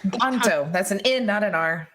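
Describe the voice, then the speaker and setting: A woman's voice: fairly low pitch, expressive, unhurried. A woman voicing an aging male mob boss in a tabletop game, with a put-on mobster accent and a folksy, schmoozing drawl.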